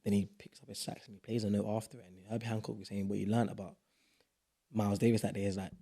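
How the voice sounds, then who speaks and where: A young man talks fast in a slightly low voice. He's a podcast guest chatting casually, animated and playful, with quick bursts of emphasis. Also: breathy edge. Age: young adult. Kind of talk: casual chat.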